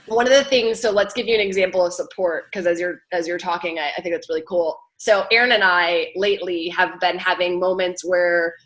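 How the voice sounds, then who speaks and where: Bright-voiced woman hosting a coaching chat. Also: fairly low pitch, steady tone, a little fast, few pauses, rough recording. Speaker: host.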